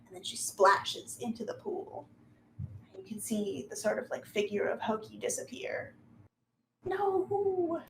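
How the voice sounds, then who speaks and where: A woman's voice: medium pitch, a bit bright. Woman narrating a tabletop game, echoey room. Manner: casual, descriptive, frequent fillers. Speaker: game master. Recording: echoey room with faint noise.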